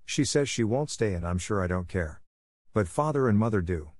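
A man's voice: fairly low pitch, animated, moderate pace, darkish tone, dry recording, studio quality. A man voicing a loyal, spirited young girl who speaks frankly, a little scornfully.

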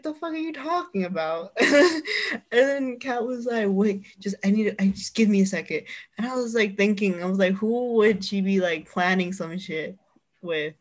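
A young woman co-hosting a casual chat podcast, telling a story and laughing often as she goes. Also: mid-range voice. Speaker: podcast co-host.

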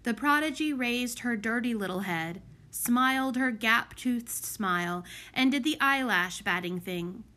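A woman narrates a children's storybook as an audiobook reader. Her voice sits a little high and she reads slowly and clearly. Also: expressive, pushed and bright. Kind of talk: scripted narration.

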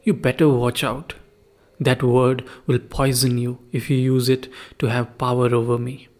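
A man's voice: medium pitch, flat delivery, unhurried, a little mellow, lightly acted. A man voicing a poor, discontented wife who scolds her husband, in a reproachful, accusing way.

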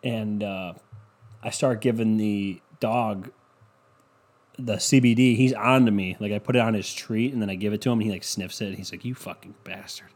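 A man with a fairly low, slightly mellow voice hosts a casual solo podcast at a moderate pace. Rambling along, he swears freely and packs his talk with "you know."

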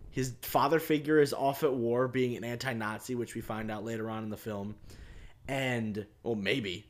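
A man's voice: medium pitch, fairly even intonation, moderate pace. A man rambling casually on a podcast about a film, with lots of fillers. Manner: rambling, filler-heavy, laughing. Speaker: podcast co-host.

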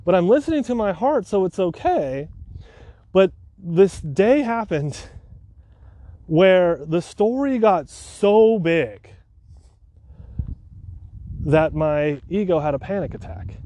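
Male podcaster, somewhat high and mellow voice, heartfelt storytelling with sighs. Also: big pitch swings, takes it slowly, long pauses. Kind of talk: emotional personal storytelling.

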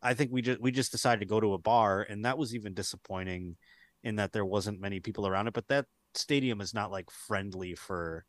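A man's voice: lowish voice, brisk, no room sound. A man co-hosting a podcast in loose, profane, rambling casual chat, often acting out quotes. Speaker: podcast co-host.

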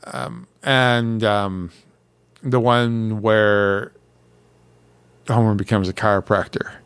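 Podcast co-host, man, slow-talking and teasing, dry close sound. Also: fairly low pitch, fairly even intonation, a bit bright, clear, resonant tone, no echo. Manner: teasing, halting with many fillers. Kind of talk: casual podcast chat.

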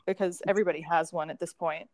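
A young woman telling a personal story in casual conversation, animated and acting out what others said, with frequent laughs. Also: lowish voice, fast, dry recording. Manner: animated, acts out quoted dialogue, laughs often. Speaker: guest sharing birth story.

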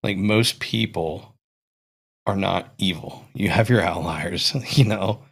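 A man's voice: low-pitched, slow, creaky, a bit bright. A young man hosting a casual podcast, thinking aloud as he talks, with frequent restarts and fillers. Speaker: podcast host.

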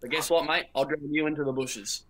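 A man's voice: fairly high pitch, fairly even intonation, brisk, fairly bright tone. A man, a video chat stranger, laid-back and teasing.

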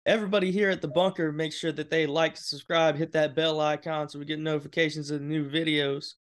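A man's voice: fairly high pitch, flat delivery, a little fast. Upbeat joking male podcast host. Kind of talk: casual podcast chat.

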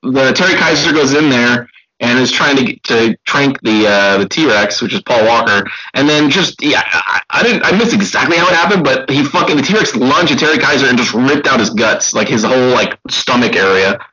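A man's voice: mid-range voice, moderate pace, muffled recording. A man joking animatedly while discussing a movie with a friend. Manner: animated, joking, calls his friend buddy. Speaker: movie review co-host. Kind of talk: casual chat.

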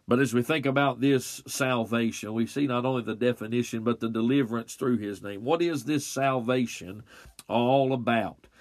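Male preacher, mid-pitched, unhurried and emphatic, close dry sound. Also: no room sound. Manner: slow, deliberate delivery with emphatic pauses. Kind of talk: expository sermon.

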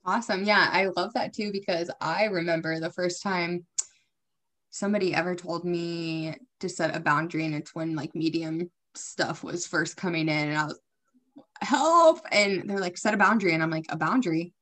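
A young woman with a slightly low voice tells stories in a casual podcast chat. She acts out what she said back then and jumps up in pitch for those moments. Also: fairly even intonation, moderate pace, fairly bright tone. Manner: storytelling, acts out her own past lines. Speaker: co-host, spiritual medium.

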